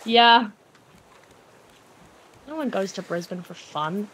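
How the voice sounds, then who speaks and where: A woman bantering during co-op gameplay, teasing her partner with deadpan jokes, often quiet and drawn out. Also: medium pitch, takes it slowly, slight background noise, rough recording. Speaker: co-op gaming partner. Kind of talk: casual multiplayer gameplay banter.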